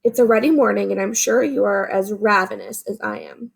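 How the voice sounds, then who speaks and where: Doting mama hyena, teacher reading her out, husky and gravelly. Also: mid-range voice, fairly even intonation, fairly quick. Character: fussing, loving mother hyena.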